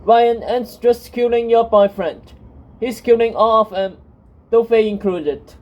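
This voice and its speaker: A woman reading the lines of a gruff, battered male sheriff who talks bluntly and urgently. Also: on the high side, unhurried, dull audio, close to an everyday voice. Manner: urgent, blunt, rough-spoken.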